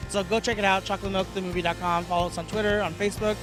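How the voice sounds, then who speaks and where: Young male actor as interview guest, high voice, rapid and lively delivery. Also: over music. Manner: animated, laughs often, acts out quotes. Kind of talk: casual interview chat.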